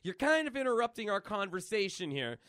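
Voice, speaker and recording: A man's voice: very animated, fairly quick, fairly bright tone, dry recording, clean studio sound. A man voicing a jokey, chatty male mercenary antihero in a raised, goofy voice while retelling a comic on a podcast. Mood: hyper joking. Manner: goofy, jokey, higher put-on voice.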